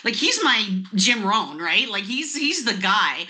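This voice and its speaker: Over a video call, a woman in her fifties appears as a network marketing guest, telling a lively story with laughter. Her voice is medium-pitched and slow.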